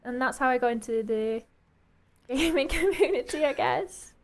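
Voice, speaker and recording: A young woman caster chatting casually between matches, giggling often and trailing off mid-thought. Her voice sits a little high for a woman. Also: moderate pace, a little hiss or hum. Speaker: esports caster.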